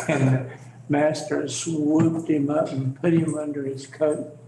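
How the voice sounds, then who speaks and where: Slow-talking man in an echoey room. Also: a little high, level tone. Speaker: class member. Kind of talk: storytelling in class discussion. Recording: echoey room with background noise.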